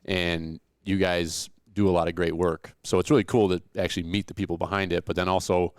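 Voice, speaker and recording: Male podcast host, deep and dry, relaxed jokey banter. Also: brisk, clean tone, no room sound. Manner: joking, easygoing banter. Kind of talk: casual podcast chat.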